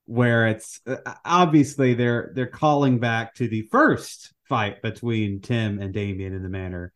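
Man, mid-range voice, casual podcast chat, relaxed, wry. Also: mid-range voice. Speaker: podcast co-host.

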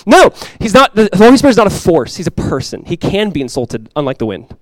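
A male pastor in his thirties preaching a conversational, animated sermon with quick asides. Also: high voice, no echo.

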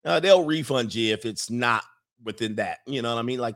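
A man hosting a streaming podcast, talking casually through viewer questions, animated, laughing often and repeating points for emphasis. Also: medium pitch, a little fast.

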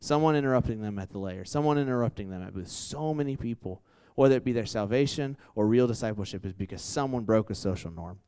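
A man's voice: fairly low pitch, fast, hardly any pauses, mellow, smooth. A young man giving a casual campus sermon, telling stories and acting out quotes, with many "like"s and restarts. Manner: conversational, lots of "like" and restarts, acts out quotes. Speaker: campus ministry preacher.

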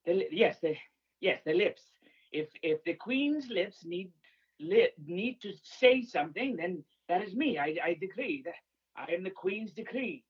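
Guy playing a stuffy british-ish royal herald calling in, slow and breathy, dull muffled line. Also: sits high, lively intonation, heavily acted. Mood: pompous. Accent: put-on British-sounding. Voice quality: stuffy, halting, over-formal. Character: pompous male royal herald, befuddled. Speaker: caller. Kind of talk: improvised comedy call-in.

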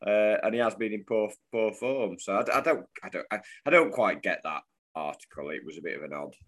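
A man, co-hosting a podcast in casual chat, quick to tease his partner. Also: lowish voice, animated, a bit bright. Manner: teasing, banter-loving. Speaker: podcast co-host.

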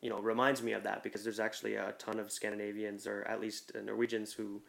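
A man talking as a guest on a podcast, telling things in a relaxed, amused way. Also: fairly low pitch, fast, creaky. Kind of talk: casual chat.

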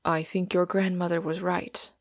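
A woman voicing a solemn, weary male pilgrim in an audiobook reading, speaking gravely and often half-whispering. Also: on the low side, little pitch movement, moderate pace, no room sound, clean studio sound, lightly acted. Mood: hushed, earnest.

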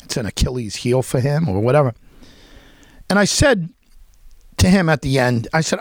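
A man's voice: medium pitch, lively intonation, normal speed, pauses often, no room sound. A man telling a rambling, unscripted story, with many restarts and quoted voices acted out. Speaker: podcast host telling a story. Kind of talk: unscripted spoken monologue.

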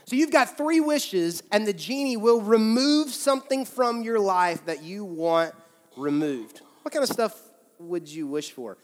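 A man's voice: sits high, unhurried, big-room sound. A man, a pastor delivering a sermon in a large church, speaking in a humorous, conversational way and repeating phrases for emphasis.

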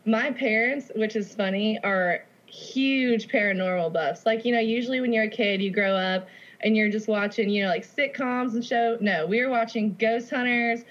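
A woman's voice: a little high, moderate pace. A young woman from Tennessee with a mild Southern accent, chatting as a podcast guest over a video call, laughing often and using lots of casual fillers. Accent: Southern US, Memphis Tennessee. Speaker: guest co-host. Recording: dull lo-fi video call audio.

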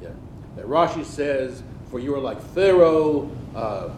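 A man's voice: mid-range voice, expressive, a little slow, a little mellow. A man in a Bible class reading commentary aloud, with some hesitation. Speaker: class participant. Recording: echoey room with faint noise.

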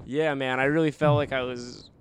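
A man's voice: mid-range voice, steady tone, normal speed, smooth. A man from Miami who guests on a casual comedic podcast and tells stories in a laid-back, rambling way.

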